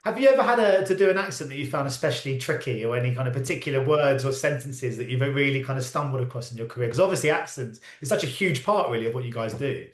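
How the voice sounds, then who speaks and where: A man's voice: mid-range voice, expressive, fast talker, hardly any pauses, echoey room. A man interviewing an actor, asking long, rambling questions. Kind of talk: press junket interview.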